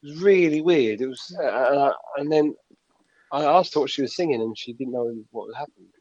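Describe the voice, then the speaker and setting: A man's voice: medium pitch, a little fast, a little mellow, no echo. A man chatting on a podcast in an easygoing, apologetic way. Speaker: podcast co-host. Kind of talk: casual chat. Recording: dull lo-fi mic.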